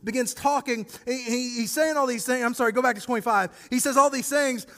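A male pastor preaching a sermon, animated and acting out scripture scenes as he speaks directly to his congregation. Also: very high-pitched, a little fast, big-room sound.

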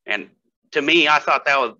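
A strength athlete appears as a guest on a casual podcast, telling stories loosely and hesitantly, full of fillers and frequent laughter. His voice is fairly high with a sharp tone at normal speed, though the audio sounds dull.

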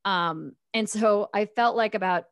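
A woman co-hosting a podcast, telling a personal story in a casual, animated way with laughs and self-talk asides. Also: medium pitch, unhurried, clear, resonant tone, dry recording. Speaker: podcast co-host.

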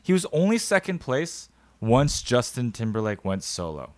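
A man's voice: mid-range voice, very animated, moderate pace, darkish tone, no room sound. A man in his thirties co-hosting a podcast in casual chat, playful and teasing, firing off questions. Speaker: podcast co-host.

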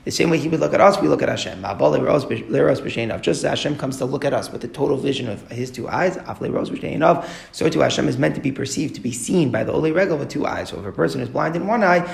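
A man teaching a Talmud class at a brisk, rapid clip, his voice full of gravelly fry. He works through the text line by line and keeps posing rhetorical questions. The recording carries a noticeable room echo. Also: mid-range voice. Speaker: Torah teacher. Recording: echoey room.

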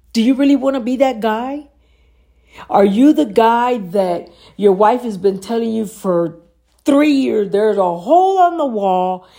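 A woman's voice: a little high, warm tone. A woman giving an earnest motivational talk, asking the listener pointed questions. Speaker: motivational speaker.

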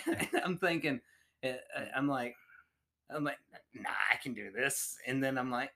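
A man co-hosting a podcast, telling stories in casual chat, animated and laughing often. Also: medium pitch, measured pace. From United States. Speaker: podcast co-host.

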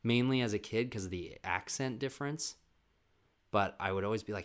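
Rambling through family tales on his podcast, a man swears freely and frequently starts his sentences over. It's a casual storytelling monologue, delivered in a lowish voice at a moderate pace.

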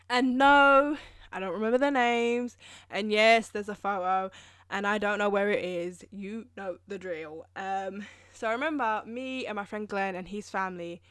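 A woman's voice: medium pitch, fairly bright tone, smooth, dry recording, studio quality. Chatty rambling young woman. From England. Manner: rambling, chatty, self-mocking with frequent fillers. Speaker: podcast host. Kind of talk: casual monologue.

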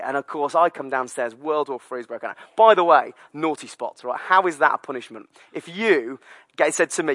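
A British man in his thirties preaching a sermon with personal stories, lively and filler-heavy. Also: fairly high pitch, brisk, no echo. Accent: British English. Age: 30s. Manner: storytelling, lively, many fillers. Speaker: pastor.

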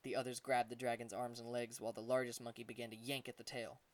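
A man reading an adventure audiobook, telling the story at a steady pace and voicing the characters. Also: medium pitch, fast, far from the mic. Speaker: audiobook narrator.

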